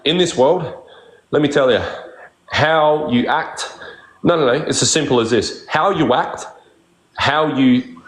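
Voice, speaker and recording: A man's voice: medium pitch, reverberant, rough recording. A man with an Australian accent ranting on a live stream, crude and defensive, swearing constantly. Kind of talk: heated live-stream rant.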